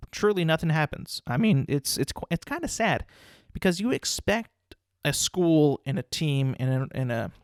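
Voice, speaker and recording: A man's voice: mid-range voice, no echo. Rambling young man on a dry mic. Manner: rambling, repeats words, restarts often. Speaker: podcast host. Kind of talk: casual sports rant.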